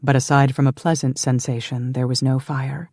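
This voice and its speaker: Brief: a low-pitched woman reading a historical romance, measured and hushed, dry studio sound. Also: level tone, no echo. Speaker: audiobook narrator. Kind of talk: scripted narration.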